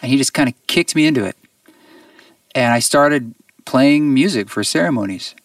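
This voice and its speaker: This male musician, interviewed on a show, recounts something personal in a reflective, earnest tone, halting and starting over at times. His medium-pitched voice is expressive, and the recording is dry, picked up by a distant mic.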